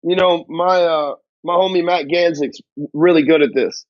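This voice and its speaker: High-voiced blunt, swearing male business coach. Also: normal speed, no echo. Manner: blunt, heavy swearing, slangy grammar. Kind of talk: profane motivational talk to camera. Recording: dull, dry lo-fi audio.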